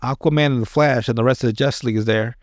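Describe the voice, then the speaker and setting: A man chats on a podcast in a loose, rambling way. He swears freely and restarts his sentences often. His voice sits at an ordinary middle pitch and sounds close and dry, with no room behind it. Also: fairly even intonation, very fast, no room sound. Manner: rambling and profane, with many restarts. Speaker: podcast host. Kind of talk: casual chat.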